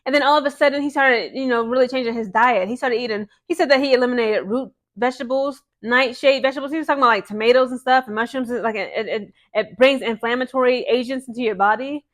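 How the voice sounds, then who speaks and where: High-voiced woman ranting fast about her team, keeps saying okay?. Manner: fired-up, repeats "okay?" and "again". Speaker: sports vlogger. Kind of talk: casual ranting vlog.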